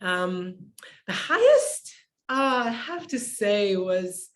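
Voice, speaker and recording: A woman's voice: mid-range voice, sing-song, slow pace. Brief: woman guest in a casual interview, heartfelt storyteller who laughs easily, mid-range voice. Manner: emotional, laughs while telling stories.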